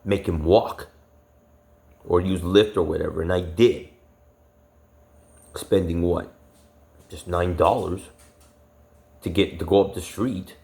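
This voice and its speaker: A man with a very deep, low voice delivers an agitated, profanity-laced rant to his camera. He rambles, circles back on himself and leans on fillers as he vents. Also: fairly even intonation, slow pace, creaky, long pauses, mellow. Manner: profane, agitated, heavy swearing; rambling with many fillers and restarts. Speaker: vlogger. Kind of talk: angry personal rant.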